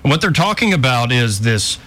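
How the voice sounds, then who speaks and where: A man's voice: mid-range voice, brisk. A man hosting a talk radio show, chatting casually and joking around while he sets up clips. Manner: lively, jokey, slips into mock voices.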